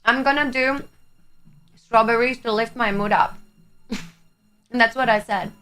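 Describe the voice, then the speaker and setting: A woman's voice: a little high, measured pace, a bit bright. A young woman from Greece whose first language is Greek, chatting with her live chat on a stream. She is chatty, laughs often and swears casually. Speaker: livestreamer. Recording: faint music behind the voice.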